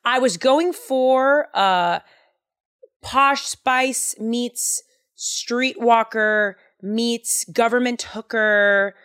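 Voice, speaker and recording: A woman's voice: a little high, extremely slow, a bit bright, smooth. A young woman hosting a podcast from a studio, chatting casually in a playful, joking, rambling way. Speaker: podcast host. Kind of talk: casual chat. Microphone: studio microphone.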